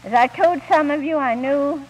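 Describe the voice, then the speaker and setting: A woman speaking at a 1950s Christian camp meeting, gently telling homely stories as she ministers, on an old archival recording. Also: high voice, normal speed, highs cut off. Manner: gentle storytelling with homely anecdotes. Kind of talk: 1950s recorded devotional talk.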